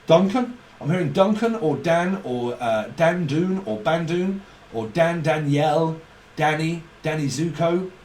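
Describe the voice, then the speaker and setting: A man's voice: a little high, measured pace, a little mellow, reverberant, distant mic. A man giving a rambling, profane tarot reading, laughing often as he talks. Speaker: tarot reader.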